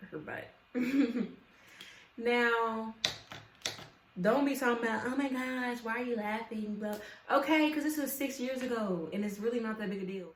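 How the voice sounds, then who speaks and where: A young woman telling a storytime vlog in a casual, animated, profane way, talking straight to her viewers. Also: mid-range voice, a little hiss or hum. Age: young adult. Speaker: vlogger. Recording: echoey room with faint ambience.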